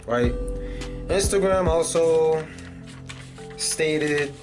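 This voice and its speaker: A man's voice: a little high, drawn-out words. A man ranting casually in a video commentary, swearing and using many fillers. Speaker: vlogger. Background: music.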